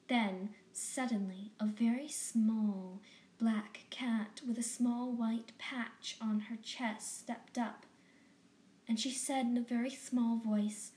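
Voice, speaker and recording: A woman narrating a bedtime story slowly and gently, often dropping into whispers. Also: a little high, steady tone, roomy sound.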